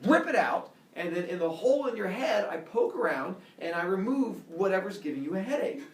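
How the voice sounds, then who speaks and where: A man's voice: high-pitched, big pitch swings, a little fast, pitched above the performer's own voice. A man voicing a cheerful, overeager male smith god who explains things in a chipper, matter-of-fact way. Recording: echoey classroom from a distance.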